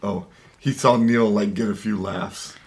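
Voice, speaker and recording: A man with a low voice chatting casually as a podcast co-host. He drops in relaxed comments and laughs easily. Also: measured pace, gravelly. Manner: relaxed interjections, frequent laughs. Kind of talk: casual recap chat.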